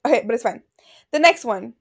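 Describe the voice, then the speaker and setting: A young woman with a high voice co-hosts a relaxed podcast conversation. She is giggly and excitable and laughs often between lines. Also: a little fast, vocal fry, slightly rough. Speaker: podcast co-host. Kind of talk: casual chat.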